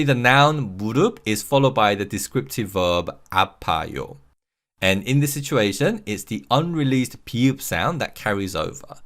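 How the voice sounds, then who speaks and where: Male teacher, low animated voice, measured scripted lesson delivery. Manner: clear, measured explanation with slow repeated example words. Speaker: language teacher.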